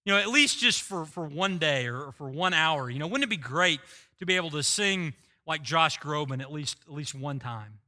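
Bright, high-pitched man preaching. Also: moderate pace. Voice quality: voice likened to a screaming rock singer. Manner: animated storytelling, self-deprecating humor. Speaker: pastor. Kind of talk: sermon.

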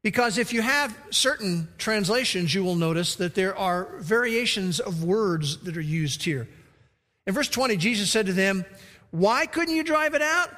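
A man's voice: high voice, moderate pace, pushed and bright. A man preaching a sermon as pastor, emphatic, acting out the quoted lines. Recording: reverberant hall.

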